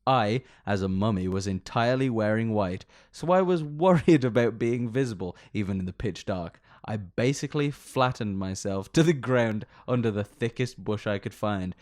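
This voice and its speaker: A man's voice: fairly low pitch, lively intonation, normal speed, hardly any pauses, a little mellow, no echo, studio quality. A male podcast host reading a story aloud in a rambling, giggly way, often breaking into laughter. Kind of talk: casual comedic chat and story reading.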